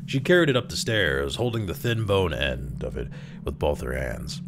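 A man reading a dark short story aloud in an expressive, dramatic way that slows down for tense moments. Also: very deep voice, gravelly, noisy background. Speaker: story reader.

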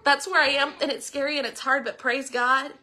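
A woman's voice: sits high, fairly even intonation, fairly quick, bright, forceful tone. A middle-aged woman giving an earnest devotional talk full of rhetorical questions. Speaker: ministry speaker.

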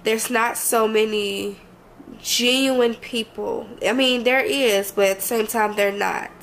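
A young woman talks straight to her camera, congested and a little emotional. Her voice has a gravelly, creaky edge, and she rambles in a loose, heartfelt way over a faint hiss in the background. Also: on the high side, fairly even intonation, slow, fairly bright tone, rough recording. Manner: rambling, heartfelt, frequent "you know what I mean". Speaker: vlogger. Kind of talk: casual talk to camera.

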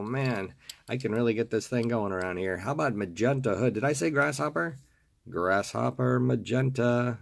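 A man with a gravelly, hoarse morning voice, casually showing off a collection in a video and gushing over each piece, often repeating words with delight. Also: mid-range voice. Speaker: toy car collector and seller. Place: home desk.

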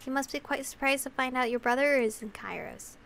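Mysterious female messenger, cool and composed, read by a woman with a fairly high voice. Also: a little fast, gravelly, a bit bright, slight background noise.

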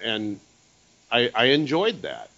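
A man's voice: mid-range voice, wildly swooping pitch, slow pace, bright, forceful tone. A man, an author and radio host appearing as a podcast guest, talking in a reflective, rambling way. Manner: reflective, rambling, self-questioning. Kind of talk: casual chat. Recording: dull lo-fi audio.

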